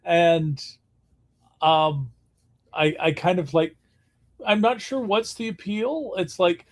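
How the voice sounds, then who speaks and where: A man's voice: high voice, takes it slowly. A man co-hosting a casual livestream, speaking hesitantly with repeated words and dry jokes. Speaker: stream co-host. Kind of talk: casual chat on a co-working livestream.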